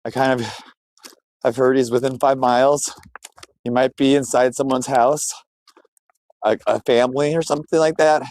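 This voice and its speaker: A man's voice: medium pitch, fairly even intonation, normal speed, long pauses, a little mellow, rough recording. A man live-streaming from his phone while walking outdoors, chatting loosely with his viewers in a rambling, scattered way. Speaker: livestreamer. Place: outdoors, walking through a neighborhood.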